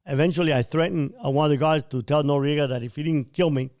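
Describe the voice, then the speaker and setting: A man's voice: on the high side, steady tone, quick pace, darkish tone. A man hosting a podcast, telling a first-person story bluntly and vividly, sometimes swearing. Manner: blunt, vivid retelling with quoted dialogue; occasionally profane. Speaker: podcast host.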